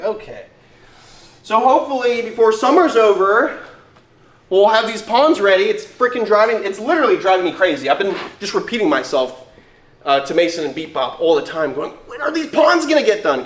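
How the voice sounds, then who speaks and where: Chatty man with an echoey sound. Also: fairly high pitch. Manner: enthusiastic, chatty. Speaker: reptile keeper and livestream host. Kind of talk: casual livestream chat. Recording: echoey room.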